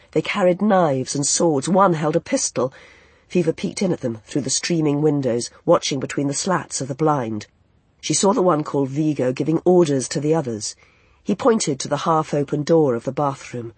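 Husky-voiced man reading a story aloud. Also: a little high, darkish tone, no echo. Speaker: audiobook narrator. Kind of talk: scripted narration.

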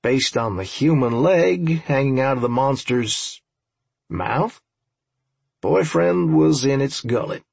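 A man's voice: medium pitch, animated, takes it slowly, creaky, a little mellow, husky, no room sound. A man narrating an audiobook in the first person, with a dry, wry, profane manner.

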